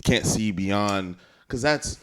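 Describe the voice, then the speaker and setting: A man's voice: on the low side, slow pace, fairly bright tone, slight background noise. A man co-hosting a casual podcast, talking in a reflective, easygoing way. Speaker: podcast co-host. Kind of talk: casual chat.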